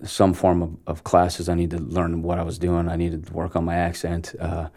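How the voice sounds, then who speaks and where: Deep-voiced Canadian man telling stories. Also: normal speed. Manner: animated storyteller acting out dialogue, laughing. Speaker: actor guest. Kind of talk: casual storytelling interview.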